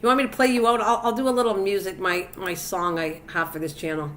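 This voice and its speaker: A woman's voice: medium pitch, steady tone, fast talker, noisy background. An older woman hosting a cooking live stream, chatting casually and teasing her viewers by name. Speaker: cooking channel host.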